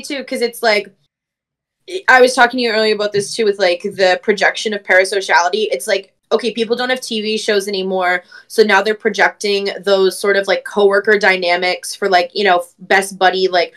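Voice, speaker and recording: A woman from Canada co-hosting a casual commentary chat, talking in an animated way and stacking up rapid rhetorical questions. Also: mid-range voice. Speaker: podcast co-host.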